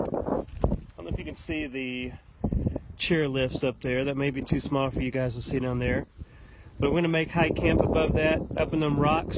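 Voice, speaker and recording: A man talks into his phone outdoors on a snowy mountain, his voice a touch high for a man. His talk is chatty and loose, with pauses to catch his breath. Steady wind and outdoor noise run under the windy phone audio. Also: phone-quality sound. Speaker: climber filming a livestream. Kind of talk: casual livestream vlog.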